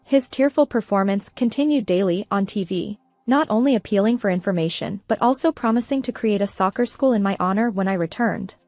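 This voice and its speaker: A woman narrating a first-person revenge story in a steady, even manner. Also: medium pitch, fairly quick, few pauses, no room sound, faint music behind.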